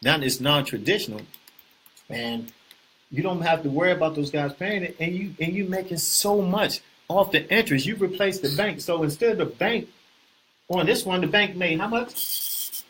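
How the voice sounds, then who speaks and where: A man hosting a casual real estate talk, animated and preachy, often repeating himself and asking the viewers questions. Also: sits high, normal speed, slight background noise. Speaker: host.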